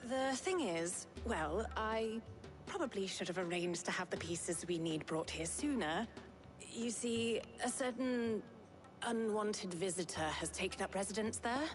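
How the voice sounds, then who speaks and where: A woman's voice: mid-range voice, expressive, unhurried, music in the background, close to an everyday voice. An actress voicing an earnest young female engineer in a video game who explains technical detail at length. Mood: hesitant. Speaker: game character.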